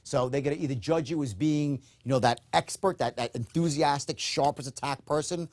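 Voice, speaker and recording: A man teaching a recorded sales course, speaking emphatically and often checking in with a quick "okay?". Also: on the high side, a little mellow. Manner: acts out upbeat and dull tones in demonstrations. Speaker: sales trainer.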